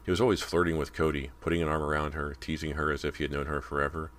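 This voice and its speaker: Very deep-voiced male audiobook narrator. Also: level tone, racing, fairly bright tone.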